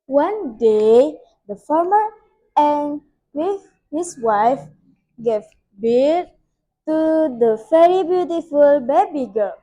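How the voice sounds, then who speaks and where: A woman's voice: high voice, animated, takes it slowly, warm tone, low-quality recording. A young woman with an Indonesian accent, a student reading a fairy tale aloud carefully, with small slips. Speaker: student storyteller.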